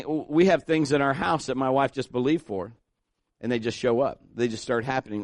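A man preaching a sermon, telling a story in an animated way and acting out the voices of others. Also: mid-range voice, no echo. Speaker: pastor.

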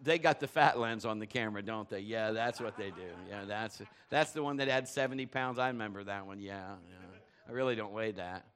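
A man's voice: on the low side, fairly quick, few pauses, fairly bright tone, clean tone. A man preaching a sermon in a loose, conversational way, asking the congregation questions and telling funny stories. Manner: conversational, joking storyteller, asks the crowd questions. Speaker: pastor.

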